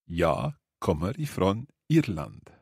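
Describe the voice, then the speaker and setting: A Scottish man with a deep, slightly husky voice hosts a language lesson podcast. He repeats phrases slowly and carefully, with lots of rise and fall in his pitch. The sound is dry and close, with no room around it. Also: big pitch swings, a little mellow, dry recording. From Scotland. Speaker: podcast host and language learner.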